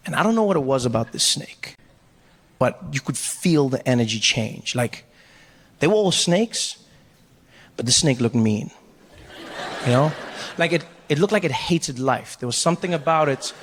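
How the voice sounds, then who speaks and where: A man in his forties telling a stand-up story, animated and self-mocking, acting out the scenes. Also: medium pitch, normal speed, long pauses. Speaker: stand-up comedian.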